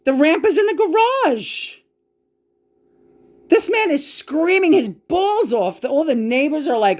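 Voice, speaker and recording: A woman's voice: high-pitched, very animated, measured pace, darkish tone. A woman giving a casual monologue in a profane, emotional rant. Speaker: vlogger.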